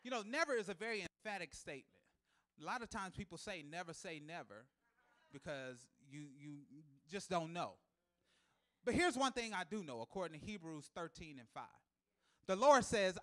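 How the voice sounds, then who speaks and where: A man preaching a live sermon in a church, repeating key lines for emphasis and building to loud, emphatic shouts, with chuckles between points. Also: sits high, very animated, moderate pace. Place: church sanctuary.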